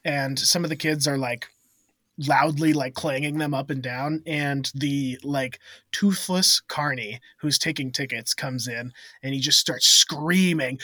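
A man's voice: medium pitch, measured pace, no room sound, studio quality. A man co-hosting a casual podcast, telling a funny story with lots of laughter. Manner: animated, laughing often, acts out voices in stories. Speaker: podcast co-host.

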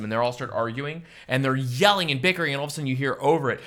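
A man, a teacher and podcast guest, chatting casually and telling animated stories, acting out quoted voices and swearing freely. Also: medium pitch, racing. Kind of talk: casual chat.

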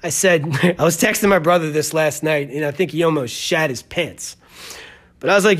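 A man's voice: fairly high pitch, moderate pace. A man hosting a podcast, telling a story in a rambling, joking way full of tangents. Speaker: podcast host. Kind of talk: casual storytelling.

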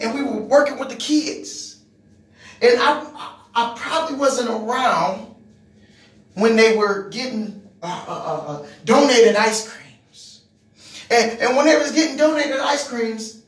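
A man's voice: very high voice, a bit bright, reverberant, far from the mic. A man telling a personal testimony, repeating words and restarting his sentences, building to emphatic moments. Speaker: speaker giving a personal testimony. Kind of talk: testimony storytelling.

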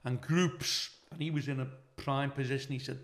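A man's voice: medium pitch, normal speed. A middle-aged man with a Scouse accent, a comedian telling stories in casual chat and swearing freely. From Liverpool, England. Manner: swears freely, animated when quoting others. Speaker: guest comedian.

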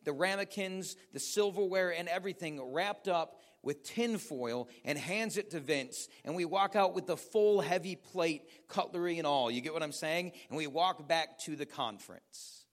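An American pastor with a notably high voice preaches to his congregation. He tells stories with energy and keeps turning to the audience with questions. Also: normal speed, few pauses. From United States. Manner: animated storytelling, asks the audience questions. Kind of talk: sermon.

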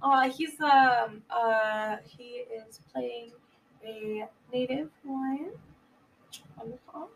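A woman casually retelling a film plot on a podcast, laughing often and jumping into loud voices for the characters. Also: on the high side, slow, distant mic, low-quality recording. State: giggly, a bit high. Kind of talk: casual chat.

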